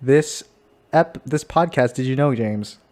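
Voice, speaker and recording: Young guy podcast host, goofy and jokey, middle pitch, casual chat. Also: unhurried, darkish tone. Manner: jokey, puts on silly voices and laughs a lot.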